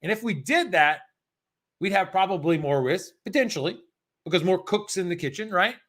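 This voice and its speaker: Lively, bright-voiced American man teaching live. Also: sits high, normal speed. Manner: energetic, chatty, talks to viewers in chat. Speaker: exam prep instructor. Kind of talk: live-streamed Q&A lesson.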